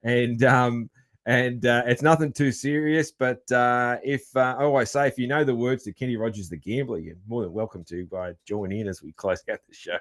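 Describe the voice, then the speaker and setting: A man's voice: mid-range voice, fairly even intonation, moderate pace. An Australian man hosting a casual podcast interview, rambling with many fillers and restarts and laughing easily. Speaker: podcast host.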